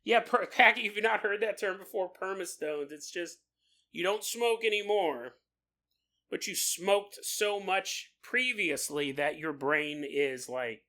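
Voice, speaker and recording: Lively, laughing male podcast host. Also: high-pitched, a little slow. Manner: animated storyteller, laughs often mid-sentence. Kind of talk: casual livestream chat, reading listener comments.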